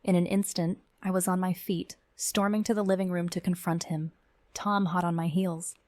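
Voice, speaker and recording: A woman giving measured, tense first-person narration of a scripted horror story. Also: fairly low pitch, flat delivery, a little mellow, dry recording.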